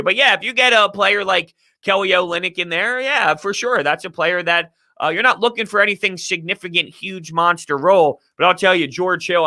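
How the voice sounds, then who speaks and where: A man hosting a live sports talk stream, reading viewer comments and giving heated, opinionated takes. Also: a little high. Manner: animated, opinionated ranting.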